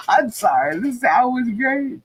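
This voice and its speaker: Slow-talking, giggly woman co-host. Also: high-pitched, big pitch swings, slightly rough, dry recording. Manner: laughs often, easily amused. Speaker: podcast co-host. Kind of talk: casual podcast chat.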